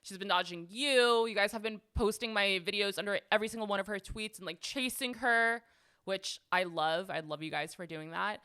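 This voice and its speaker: A young woman hosting her own commentary show, sassy and sarcastic, with a lot of "like" in her talk. Her voice is bright and crisp, and her pitch sits in a middle range. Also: moderate pace. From United States. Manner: sassy, sarcastic, chatty with frequent "like". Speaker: podcast host. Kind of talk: casual commentary to camera.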